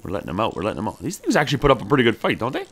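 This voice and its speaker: A man's voice: mid-range voice, wildly swooping pitch, very fast, husky. A man playing a survival game and chatting through it, talking to his character and cheering on each catch. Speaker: gameplay streamer. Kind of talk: casual let's-play commentary.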